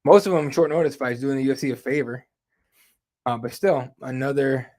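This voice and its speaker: Hosting a live fight talk show, this father talks in a mellow, medium-pitched voice at a slightly quick pace. The casual conversation is loose, filler-heavy, and sprinkled freely with swearing.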